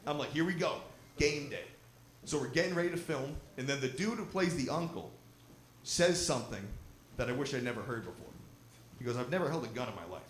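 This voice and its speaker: A young man doing a stand-up comedy set, telling a profane, animated story at a live show in a lodge. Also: medium pitch, brisk. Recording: roomy live recording with crowd noise.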